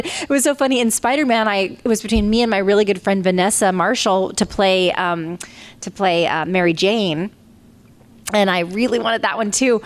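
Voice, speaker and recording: A middle-aged woman, a voice actress, telling chatty stories on a convention panel and acting out quotes with big jumps in her voice. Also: mid-range voice.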